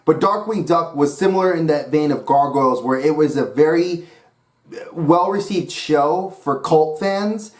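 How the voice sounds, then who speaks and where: He's a New York YouTuber hosting his channel, rambling with enthusiasm about cartoons in an easygoing vlog manner. His pitch is fairly high and he speaks a bit slowly.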